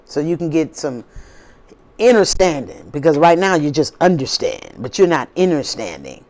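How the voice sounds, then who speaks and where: Her voice sitting low with a darkish tone and big swings in pitch, a spiritual video host addresses her channel's viewers at normal speed. She preaches informally with a drawl, circling back over the same points and throwing out rhetorical questions.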